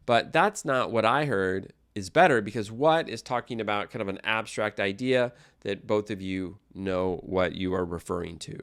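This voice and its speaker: A man teaching an English grammar lesson, explaining phrases in a relaxed way with fillers and small restarts. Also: fairly low pitch.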